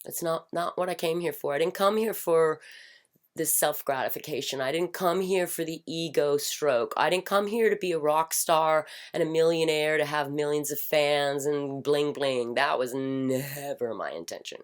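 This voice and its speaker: A middle-aged woman speaking in a passionate personal monologue, emphatic and repetitive, swinging from loud declarations to hushed whispers. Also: deep voice, moderate pace. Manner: fervent, repetitive chanting phrases. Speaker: spiritual commentator.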